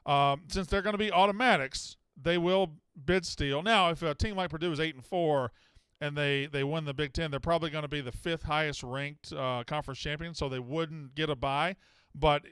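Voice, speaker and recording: Blunt, profane call-in host, clear voice. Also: male voice, on the high side, a bit bright, dry recording, studio quality. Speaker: sports betting show host. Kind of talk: live call-in show.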